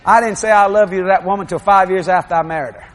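Animated high-voiced older preacher. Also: male voice, racing. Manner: animated, shouting and laughing, acting out scenes. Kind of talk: sermon.

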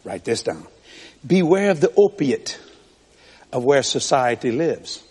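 A man preaching a sermon as pastor, telling stories in an animated way with laughs. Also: medium pitch, a little slow, husky. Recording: echoey hall.

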